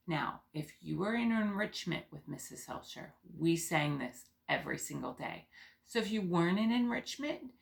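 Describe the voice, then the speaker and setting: A woman teaching preschoolers, speaking slowly and gently with lots of encouragement. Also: lowish voice, creaky. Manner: slow, gentle and encouraging, sings call-and-response songs. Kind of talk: teaching young children on video.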